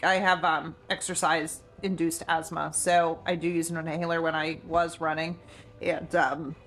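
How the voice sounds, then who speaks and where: A woman's voice: lowish voice, a bit bright. A middle-aged woman chatting casually on a live stream from her home, rambling with lots of fillers. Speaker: animal sanctuary live-streamer. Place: home, indoors. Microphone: camera on a tripod.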